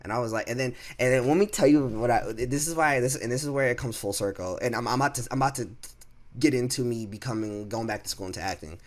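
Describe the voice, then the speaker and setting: A man's voice: mid-range voice, fast. A man in his twenties telling a casual storytime monologue. He swears freely, leans on fillers and restarts, and acts out what people said. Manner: profane, animated, lots of fillers and restarts, acts out quotes. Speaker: vlogger.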